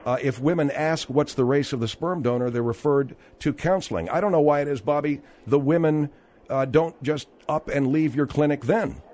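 A man's voice: a little high, normal speed, a little mellow. A man hosting a call-in radio talk show, questioning his guests pointedly and with disbelief.

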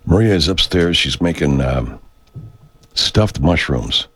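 A man's voice: rumbling low, lively intonation, slow pace, a bit bright, breathy edge, dry recording. A man hosting a radio show, rambling in a profane, meandering monologue that keeps getting sidetracked. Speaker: radio host.

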